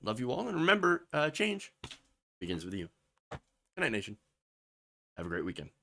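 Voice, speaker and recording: On a noisy political livestream, a man with a medium-pitched voice that swoops wildly and shows vocal fry speaks at a moderate pace. He goes on a heated, sarcastic rant with mock quotes, then wanders through chat messages with rambling, filler-heavy asides.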